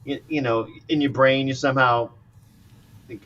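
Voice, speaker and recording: A man's voice: mid-range voice, fairly even intonation, moderate pace, a bit bright. A man hosting a casual chat, an eager listener who laughs along with the stories. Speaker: show host. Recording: dull distant mic with faint noise.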